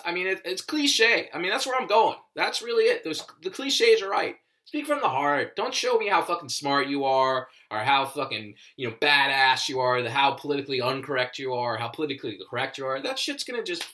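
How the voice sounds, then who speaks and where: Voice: medium pitch, bright, forceful tone. A comedian ranting in a casual monologue, profane and emphatic, rambling with many restarts.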